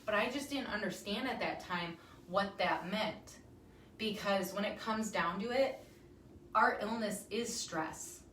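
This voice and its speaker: A woman's voice: mid-range voice, a little slow, a bit bright, slight background noise. A woman in her thirties hosting a casual live talk to viewers, chatty and emphatic with frequent ums. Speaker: wellness talk host. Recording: roomy echo, somewhat far from mic.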